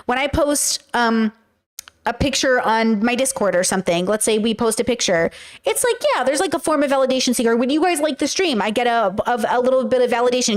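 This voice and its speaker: Woman streamer, a bit higher voice, candid, swears freely, chats with her viewers. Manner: candid, profane, talks to chat. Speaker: livestream host. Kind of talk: casual livestream talk.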